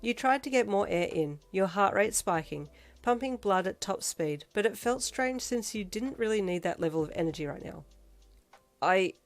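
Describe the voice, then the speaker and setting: A woman reading fan fiction aloud in second-person narration, with steady, even storytelling. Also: mid-range voice, moderate pace. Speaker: reader.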